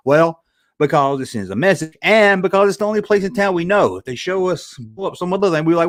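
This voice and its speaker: A man hosts a casual livestream review with a slightly high voice. He rambles from thought to thought, stopping to read messages from his viewers' chat. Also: expressive, fast. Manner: rambling, reading chat aloud. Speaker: livestream host.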